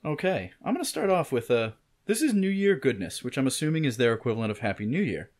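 A man's voice: medium pitch, big pitch swings, fast, darkish tone. A man co-hosting a podcast in casual chat, thinking aloud and rambling with lots of fillers. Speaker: podcast co-host.

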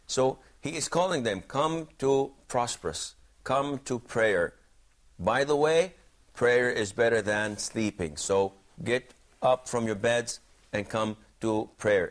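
A man teaching a religious jurisprudence class, explaining points and quizzing students by name. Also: medium pitch. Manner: questioning, explanatory, repeats himself. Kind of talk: classroom lesson with questions to students.

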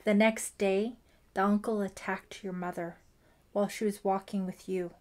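A woman's voice: medium pitch, steady tone, normal speed, lightly acted. A woman voicing a grieving middle-aged father who is fiercely protective, in an emphatic, pained audiobook delivery. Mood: anguished.

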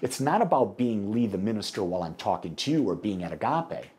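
A middle-aged American minister preaching a sermon, telling a story with animated delivery and acting out the dialogue. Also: male voice, on the low side, fairly quick. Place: church sanctuary.

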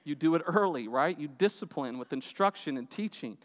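A man's voice: on the high side, animated, a little fast, in a large hall. A man preaching a sermon as a pastor, conversational and often checking in with the crowd by asking "right?". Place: church auditorium.

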